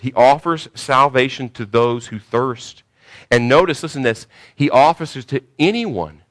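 A man preaching a sermon, swinging from hushed, slow phrases to loud cries, sometimes repeating words as he searches for the next one. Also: mid-range voice. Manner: emphatic, repeats words while searching for them. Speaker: pastor.

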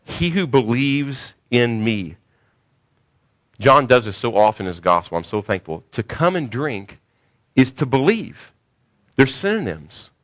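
A man preaching a sermon, swinging from hushed, slow phrases to loud cries, sometimes repeating words as he searches for the next one. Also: mid-range voice, lively intonation. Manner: emphatic, repeats words while searching for them. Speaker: pastor.

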